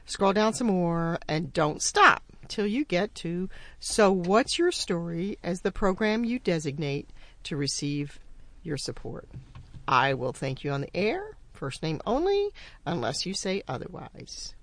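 A woman hosts a community radio show, lowish and lively in pitch, upbeat and chatty. Her voice is close and dry, with no room sound. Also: unhurried, no echo. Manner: upbeat, chatty, plugging donations.

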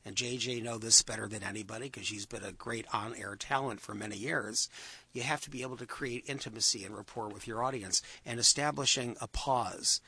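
A man hosting a talk show, chatting with a guest and giving storytelling tips, playing expressively with pauses and emphasis. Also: medium pitch, pushed and bright, husky, no echo. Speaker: show host.

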